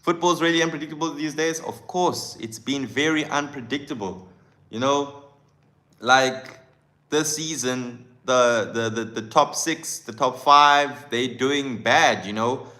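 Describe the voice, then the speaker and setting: A man's voice: mid-range voice, a little slow, sharp tone. A man hosting a live football fan stream, talking passionately and chattily and greeting viewers by name. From South Africa. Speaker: football channel host.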